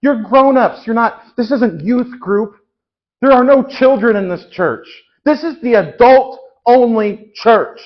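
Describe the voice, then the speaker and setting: A man's voice: fairly high pitch, expressive, moderate pace, lo-fi sound, close to an everyday voice. Man playing a ranting, foul-mouthed church leader. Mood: exasperated. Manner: ranting, loud, swearing at the congregation. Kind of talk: live improv comedy.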